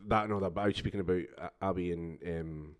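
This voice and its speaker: A man's voice: sits low, quick pace, clear, resonant tone. A man co-hosting a podcast, joking and teasing in casual banter. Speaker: podcast co-host.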